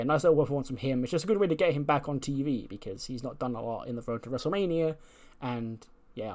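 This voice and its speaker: A man giving casual, chatty commentary on a wrestling management game playthrough, loose and laughing at his own jokes. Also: medium pitch.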